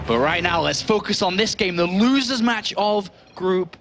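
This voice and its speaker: A man with an English accent commentating an esports match, upbeat and joking, talking in rapid bursts. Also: sits high, animated, fairly bright tone, soft background music. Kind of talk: play-by-play game commentary.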